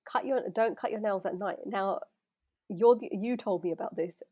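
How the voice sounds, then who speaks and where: A woman's voice: mid-range voice, normal speed, warm tone. A woman co-hosting a podcast in casual chat, sarcastic and teasing in manner. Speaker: podcast co-host.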